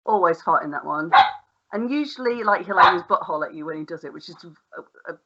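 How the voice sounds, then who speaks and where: A woman's voice: on the low side, lively intonation, fast, dull audio, very noisy. A woman co-hosting a podcast in casual, rambling chat, swearing freely and laughing often. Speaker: podcast co-host.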